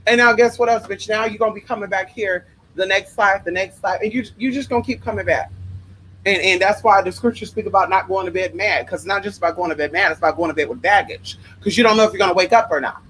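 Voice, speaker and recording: Brief: young woman livestream host, sassy and foul-mouthed, mid-pitched voice, faint hiss behind. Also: fast talker, fairly bright tone, low-quality recording. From Los Angeles. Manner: sassy, profane, emphatic, calls listeners honey. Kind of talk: spiritual advice rant on livestream.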